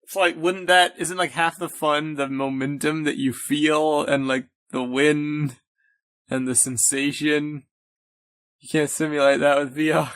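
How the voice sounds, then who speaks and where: A man co-hosts a podcast, throwing in quick quips. His voice is bright and a little high. The sound is dry and close. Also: flat delivery, clean tone, no room sound. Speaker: podcast co-host. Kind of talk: casual chat.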